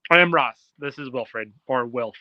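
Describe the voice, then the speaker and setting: A friendly, chatty man from Ontario, Canada, with a Canadian accent, is a guest on a casual video call. His voice is mid-range at a moderate pace, with no room sound, carried over dull lo-fi video call audio.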